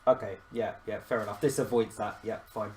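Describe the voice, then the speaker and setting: A man's voice: on the low side, steady tone, a little fast, a little mellow, a little hiss or hum. A man hosting a live chess stream, talking casually and self-deprecatingly, often laughing as he thinks aloud.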